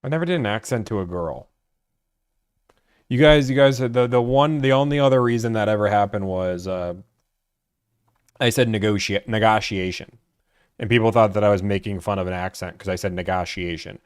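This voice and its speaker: A man's voice: lowish voice, normal speed, clear, resonant tone, dry recording, clean studio sound. A young man from Georgia chatting casually on a live stream about buying cars, rambling and filling his talk with "like.". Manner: rambling, full of "like" fillers.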